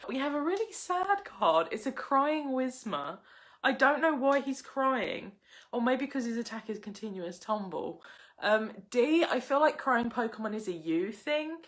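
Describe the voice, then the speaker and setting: A young woman hosting a casual live unboxing, chatty and excitable, gushing over each card she pulls. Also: mid-range voice. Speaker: livestream host opening card packs.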